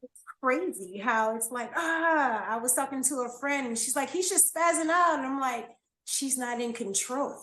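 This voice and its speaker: A woman who is a yoga teacher, chatting as a podcast guest in an animated, emotional way and laughing often. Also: on the high side, moderate pace. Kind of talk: casual interview conversation. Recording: echoey room.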